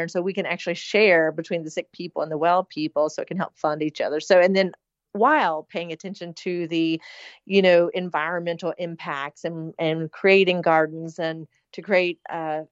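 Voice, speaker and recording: Speaking with a fairly low pitch, a middle-aged woman discusses her hospital plans as an interview guest, rambling earnestly in casual talk packed with fillers. There's no room sound, but the audio has a dull lo-fi quality.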